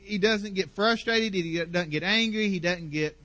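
A man's voice: high voice, normal speed, sharp tone. A man preaching a sermon as pastor, emphatic and passionate, stacking up repeated phrases.

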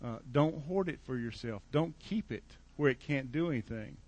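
A man's voice: mid-range voice, animated, normal speed, darkish tone. A male pastor preaching a sermon in a church in a conversational, joking way.

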